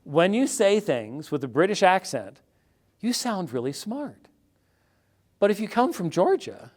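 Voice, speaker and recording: An American man, a theologian guest in an interview, talking in a wry, animated and digressive way. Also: sits high, unhurried, pauses often. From United States. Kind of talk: conversational interview answer.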